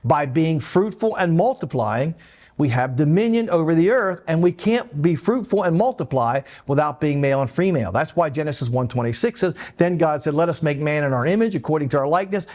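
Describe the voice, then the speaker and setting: A man teaching a Bible lesson as pastor, explaining and animated, with light asides. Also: fairly high pitch. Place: church.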